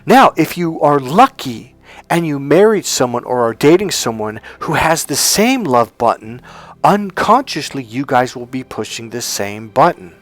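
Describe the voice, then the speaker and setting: A man's voice: medium pitch, measured pace. A man working as a dating coach, telling personal stories in a casual monologue and acting out the people he quotes. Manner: animated storyteller, acts out quotes.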